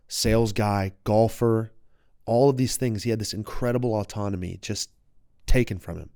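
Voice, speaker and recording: A young man in his late twenties speaks in a smooth, clear voice that sits a little low. He tells a personal story openly and with feeling, and the sound is dry and close, as if recorded on a studio mic. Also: warm tone, no room sound. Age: 20s. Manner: open, heartfelt, reflective. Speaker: podcast guest.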